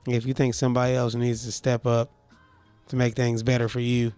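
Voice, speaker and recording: A man's voice: mid-range voice, completely flat delivery, a little fast, a little mellow, smooth, faint music behind. A man co-hosting a podcast, bluntly handing out advice and repeating his points in casual chat. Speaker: podcast co-host.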